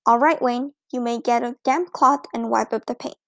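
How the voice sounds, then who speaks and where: A woman reading a storybook who voices a gentle, reassuring art teacher. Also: on the high side, fairly even intonation, moderate pace, no room sound, clean studio sound.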